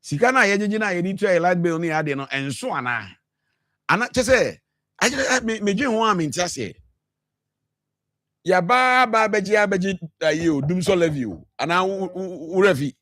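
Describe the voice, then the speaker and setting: A man's voice: high-pitched, lively intonation, a little fast, pushed and bright, no room sound, clean studio sound. A Ghanaian man with a Ghanaian accent arguing passionately on a radio talk show, mixing English with Twi and repeating himself as he presses his points. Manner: passionate, mixes English with Twi, frequent repetitions. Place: radio studio.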